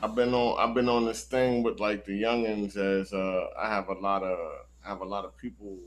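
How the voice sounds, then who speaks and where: A man's voice: lowish voice, level tone, moderate pace, a little hiss or hum, low-quality recording. A man hosting a live radio interview, hyped and encouraging, with a slangy way of talking. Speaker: radio host.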